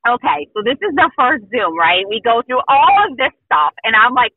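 A woman telling a spooky personal story in casual chat, animated and breathless. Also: on the high side, normal speed, hardly any pauses, husky, no echo, narrow, tinny audio. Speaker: storyteller recounting a haunting.

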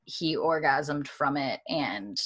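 A woman with a notably low speaking voice talks through a TV episode in casual podcast chat. She retells scenes animatedly, slipping into the characters' lines. Her talk is loose and filler-heavy. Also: slow. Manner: animated retelling, acting out dialogue with lots of "like" and "um". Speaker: podcast co-host recapping a TV episode.

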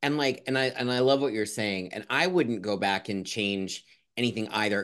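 A man hosting a podcast, chatting openly and animatedly, often laughing and acting out his own past words. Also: sits low. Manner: animated, laughs often, quotes himself in lively voices. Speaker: podcast host. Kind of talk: casual heartfelt chat.

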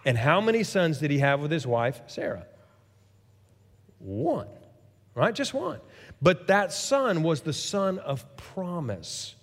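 A man preaching a sermon, telling a story with lively acted-out quotes. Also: on the high side, slow pace, pauses often, long reverb tail. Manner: animated storytelling, acts out quoted voices. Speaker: pastor.

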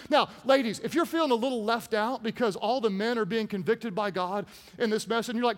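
A man preaching a sermon to a congregation, animated and jokey, acting out the story with voices. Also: sits high, normal speed. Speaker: pastor. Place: large church hall. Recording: hall reverb from large room.

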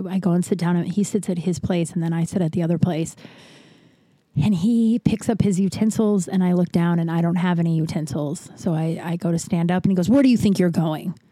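Woman host, warm dark tone, dry close sound, candid swearing monologue with halting restarts. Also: on the low side, steady tone, dry recording. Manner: frank and profane, halting with restarts. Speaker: podcast host.

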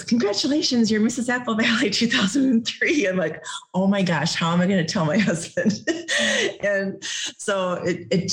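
A middle-aged woman from Minnesota, a podcast guest telling her story in an animated way, laughing often and acting out what she said back then. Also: on the low side. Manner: animated, laughs often, acts out her own past words.

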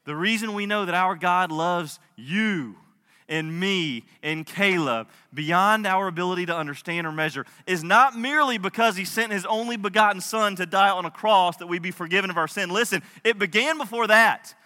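A pastor in his thirties preaches to his congregation, swinging from hushed storytelling to impassioned appeals. His voice sits high and sounds bright and forceful. It rings out with the long reverb of a large hall. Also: moderate pace. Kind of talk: sermon.

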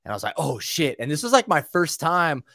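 A man telling stories as a guest in a casual chat, animated and full of swearing. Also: a little high, a little fast, dry recording, clean studio sound. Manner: animated, profane storytelling.

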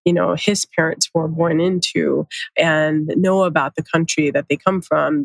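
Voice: medium pitch, creaky, fairly bright tone, no room sound, low-quality recording. A parent giving a reflective interview answer, speaking thoughtfully and unhurriedly with frequent "you know" fillers.

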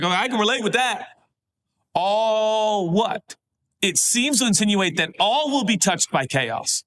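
Animated pastor preaching with sweeping dynamics. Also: male voice. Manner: conversational, swinging from animated highs to hushed low pleas. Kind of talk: sermon.

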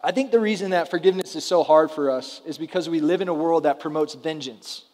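A slightly high, fairly quick and somewhat mellow voice belongs to a pastor in his thirties preaching in a church hall. His delivery is conversational, with frequent questions thrown to the congregation, and the hall's long reverb fills the recording.

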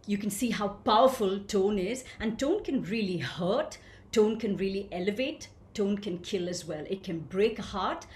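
A woman leading a voice workshop for coaches, lively and questioning, answering participants by name. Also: medium pitch, moderate pace, roomy sound. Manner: animated, asks the group questions and answers them. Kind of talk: live online workshop teaching.

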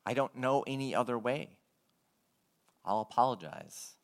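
A preacher putting on a curt, gruff man. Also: medium pitch, a little slow, natural voice. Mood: remorseful. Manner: curt and blunt. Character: gruff hostile man who later turns remorseful.

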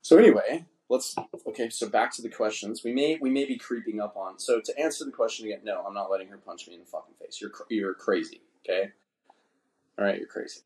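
An American man hosting a podcast, brash, excitable and swearing constantly. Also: lowish voice, fast talker. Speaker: podcast host. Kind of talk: casual podcast chat. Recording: roomy room echo.

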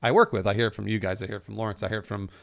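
A man chatting casually on a podcast, animated and laughing, acting out what people say. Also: on the low side, rapid-fire, vocal fry. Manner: animated, laughing, acts out quotes. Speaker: podcast guest, video game news host.

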